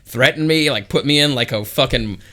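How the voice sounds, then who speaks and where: A young man with a bright, forceful voice tells a story on a casual podcast. He talks fast and swears a lot. He acts out the people in the story as he goes. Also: mid-range voice. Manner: profane, animated retelling with quoted voices. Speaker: podcast co-host.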